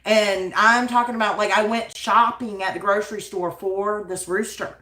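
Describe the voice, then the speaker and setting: Bright-voiced woman telling a story, laughing. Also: medium pitch, moderate pace, echoey room. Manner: animated, laughs often, many "like" and "you know" fillers. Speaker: livestream host of a yarn channel. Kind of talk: casual storytelling to viewers.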